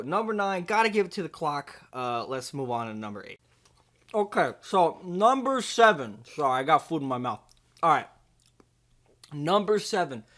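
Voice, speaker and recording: A man's voice: fairly high pitch, fairly bright tone. A man hosting a comedy video, playing an overconfident movie ranker who rambles and stumbles over his words. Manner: bumbling, rambling, with many fillers and restarts.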